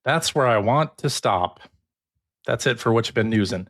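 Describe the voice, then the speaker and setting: A man co-hosting a podcast and presenting the news in a relaxed, hesitant way with frequent fillers. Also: mid-range voice, normal speed, no echo, clean studio sound. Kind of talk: casual chat.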